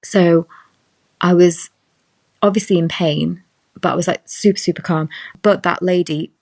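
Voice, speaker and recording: A woman's voice: on the low side, steady tone, measured pace, creaky, darkish tone. A young woman in casual chat as a podcast guest, telling a personal story and acting out the voices of the people in it. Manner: chatty storytelling, acts out quoted voices.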